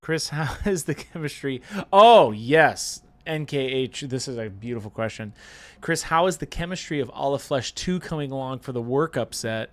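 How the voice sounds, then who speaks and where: A man's voice: medium pitch, moderate pace. A man co-hosting a live painting stream, reading chat messages aloud in playful, goofy chat. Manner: playful, goofy, breaks into silly voices.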